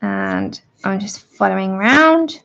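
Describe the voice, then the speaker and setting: A woman's voice: mid-range voice, wildly swooping pitch, unhurried, creaky, a bit bright, muffled recording. A woman hosting a live colouring tutorial, chatting with viewers by name and laughing often as she works. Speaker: art livestream host.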